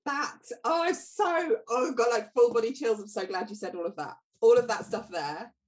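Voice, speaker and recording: A woman's voice: a little high, moderate pace. A woman hosting a podcast, responding emphatically and laying out her reasoning. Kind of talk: casual podcast conversation.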